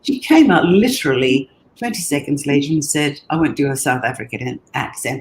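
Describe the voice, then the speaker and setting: A woman's voice: sits low, big pitch swings, brisk, darkish tone, a little hiss or hum. A woman talking as an interview guest, telling her story earnestly and enthusiastically, often repeating words as she thinks. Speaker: guest, brand designer.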